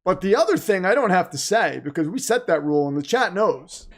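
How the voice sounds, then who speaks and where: Man, slightly high voice, chatty live-stream host, joking, reads donations. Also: expressive, fairly quick. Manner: chatty, joking, reads donations aloud, mocks the team's managers. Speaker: livestream host. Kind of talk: casual live watch-party chat.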